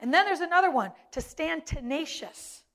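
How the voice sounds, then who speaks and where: High-voiced woman preaching a sermon. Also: expressive, normal speed, fairly bright tone. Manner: emphatic, repeats key words for effect. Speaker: preacher, pastor's wife.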